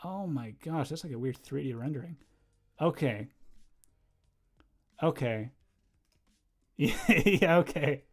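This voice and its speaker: A young man chatting casually on a livestream while drawing, rambling and easily distracted, breaking into quick laughs. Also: a little high, animated. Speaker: livestreamer and animator.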